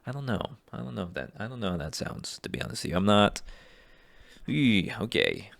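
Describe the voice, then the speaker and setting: A man who wants to be a voice actor, reading casting calls aloud and thinking out loud in an unsure, rambling way. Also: lowish voice, lively intonation, fast talker, gravelly, no room sound. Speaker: aspiring voice actor.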